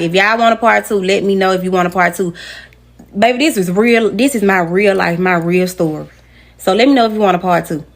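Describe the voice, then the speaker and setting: A woman telling a personal story to her camera in a casual, emotional way, speaking straight to her viewers. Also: medium pitch.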